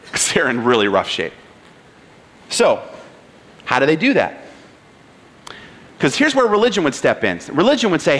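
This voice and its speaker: A male pastor with a notably high voice delivers a sermon. His style is conversational. He keeps asking his listeners rhetorical questions. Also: fairly bright tone.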